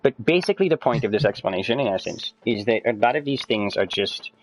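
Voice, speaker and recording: Fast-talking, fired-up man lecturing friends. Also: mid-range voice, poor audio. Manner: lecturing, excitable, swears a lot, voice climbs when worked up. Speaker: streamer. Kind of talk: casual chat with friends while gaming.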